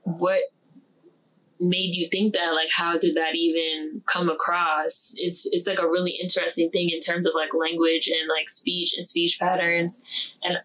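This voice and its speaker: A woman with a low-pitched voice, speaking in a relaxed interview. She talks in a chatty, animated way and acts out other people's remarks as she goes. "Like" comes up constantly in her speech. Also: normal speed, rough recording. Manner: chatty, leans on "like" as a filler. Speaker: interview guest. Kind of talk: casual interview conversation.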